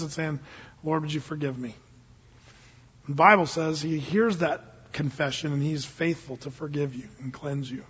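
In a dull, long-reverb church recording, an older male pastor preaches with casual earnestness, now and then rising sharply into emphatic bursts. His pitch is fairly high and his voice has a breathy edge. The setting is a church service.

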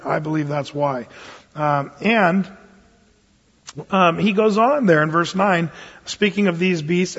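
Male pastor, sermon delivery, slightly husky voice, reverb of a big church hall. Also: on the high side, a little slow. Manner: earnest preaching with reflective asides and scripture reading. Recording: dull sound with long hall reverb.

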